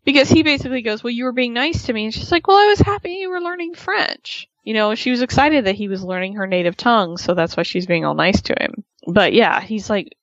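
Lively woman co-host, lo-fi dry audio. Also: on the high side, a little fast, hardly any pauses, no echo. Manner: animated, acts out quoted voices. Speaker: podcast co-host. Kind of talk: casual chat recapping a reality show. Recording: dull lo-fi dry sound.

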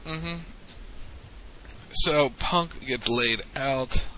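Man, slow deliberate recap chat, very bright sharp tone, dull lo-fi audio, faint hiss. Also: medium pitch. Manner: unhurried storyteller, frequent "mm-hmm". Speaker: podcast co-host. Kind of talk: casual wrestling recap chat.

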